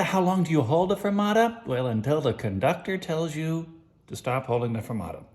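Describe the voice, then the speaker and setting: A man's voice: fairly high pitch, animated, a little fast. A man giving a casual music lesson, explaining time signatures, counting beats aloud and singing short snippets. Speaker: music teacher.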